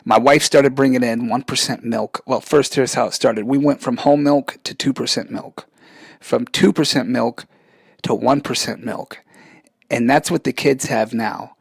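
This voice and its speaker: A man's voice: mid-range voice, steady tone, moderate pace, creaky, slightly rough, dry recording. A man in his forties hosting a podcast, rambling through a casual rant, chatty and loose, often trailing off and restarting. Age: 40s. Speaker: podcast host.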